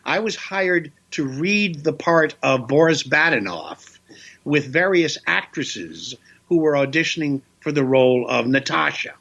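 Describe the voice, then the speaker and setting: An older man, a voice actor guest, telling lively anecdotes in an interview with playful voice bits. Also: a little high, unhurried, gravelly, highs cut off.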